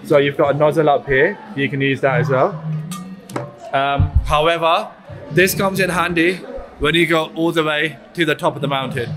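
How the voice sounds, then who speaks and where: A man chatting enthusiastically as a travel vlogger outdoors at a mountain scenic area. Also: on the high side. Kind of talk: casual travel vlog.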